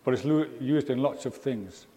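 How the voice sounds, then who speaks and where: A man from England gives a casual, meandering sermon, peppered with ums and side remarks. His voice sits at an ordinary pitch. The sound carries a long church-hall reverb. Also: normal speed, dark tone. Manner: chatty, rambling, with frequent ums and asides. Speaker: preacher. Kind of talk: informal sermon.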